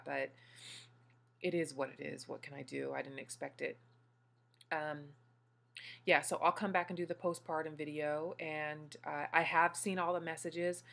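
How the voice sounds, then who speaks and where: A woman's voice: deep voice, creaky, fairly bright tone. A woman vlogger and new mother talking casually to her viewers, gushing and emotional.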